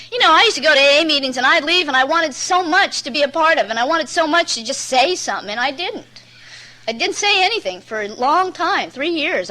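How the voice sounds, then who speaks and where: Blunt, bright-voiced woman telling her story. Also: high-pitched, low-quality recording. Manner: candid, rambling storyteller, many "you know"s; plain-spoken and blunt. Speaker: recovery meeting speaker. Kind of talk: personal testimony at a recovery meeting.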